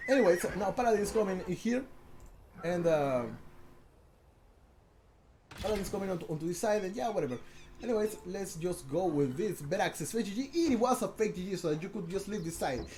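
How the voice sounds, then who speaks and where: A man casting a strategy game on a live stream, excitable, talking to his chat, often restarting and repeating words. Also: high voice, moderate pace, pauses often, a little hiss or hum.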